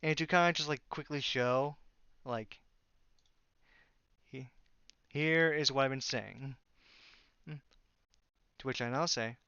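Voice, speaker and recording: A man's voice: medium pitch, slow, long pauses, bright, forceful tone, clean tone, no room sound, highs cut off. Man, casual vlog storytelling, sarcastic, exasperated, dry close sound. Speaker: YouTuber.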